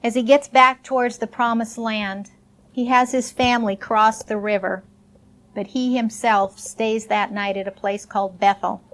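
A woman with a fairly high voice reads a Bible story aloud in an expressive way. She lifts her voice for the characters' lines and breaks off for casual asides to her listeners. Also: moderate pace. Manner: expressive reading, voicing characters' lines with raised pitch. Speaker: Bible teacher. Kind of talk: Bible story reading and teaching.

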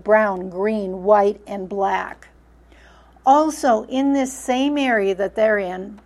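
A woman's voice: mid-range voice, a little mellow. Woman teaching a Bible lesson. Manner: poses rhetorical questions and answers them.

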